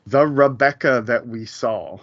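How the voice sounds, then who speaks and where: A man co-hosts a casual podcast and talks in loose, rambling bursts full of fillers and quick laughs. His voice sits at a middle pitch. The recording is dry and a little dull and lo-fi. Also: a bit bright, no echo. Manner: rambling, many fillers and restarts, laughs often. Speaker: podcast co-host. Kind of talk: casual chat about a TV episode. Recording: dull, lo-fi home podcast audio.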